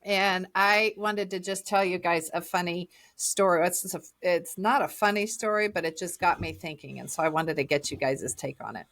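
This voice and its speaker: A woman's voice: fairly low pitch, moderate pace, few pauses, a bit bright. A middle-aged woman co-hosting a podcast, upbeat and chatty, telling stories. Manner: upbeat, storytelling. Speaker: podcast co-host. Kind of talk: casual chat.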